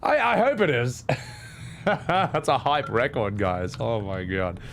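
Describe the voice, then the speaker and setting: A man in his thirties, out of breath, chatting casually on his stream and shouting out thanks to his viewers. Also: medium pitch, animated, takes it slowly, vocal fry, a little hiss or hum. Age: 30s. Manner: breathless, thanking chat with loud shout-outs.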